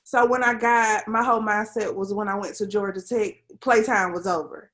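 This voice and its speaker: A woman's voice: mid-range voice, steady tone, normal speed, a bit bright. A young adult woman, a civil engineer, speaking as an interview guest, telling her story earnestly with frequent "um" and "like". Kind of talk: casual conversational interview.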